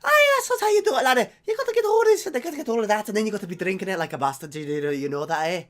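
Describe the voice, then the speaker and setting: A man voicing a gruff older Celtic man in a Scottish accent, scolding someone over how to pour a beer. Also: sing-song, very fast, fairly bright tone. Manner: boisterous, jeering, squeaky.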